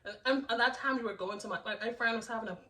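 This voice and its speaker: A young woman vlogger telling a storytime, animated and laughing, with lots of restarts. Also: a little high, rapid-fire, recorded from a distance, slight background noise, low-quality recording. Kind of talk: storytime narration.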